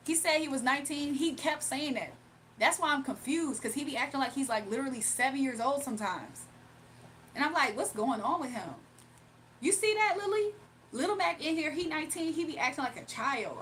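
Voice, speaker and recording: A woman's voice: high voice, lively intonation, fairly quick, fairly bright tone, slight background noise. A woman hosting a livestream in a casual, blunt, scolding manner. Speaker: livestream host.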